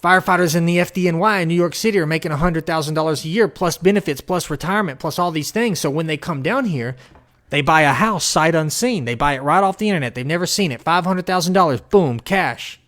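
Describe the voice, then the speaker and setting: A man delivering an angry, profane political rant, swinging between shouting and low growls. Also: fast talker. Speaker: political commentator.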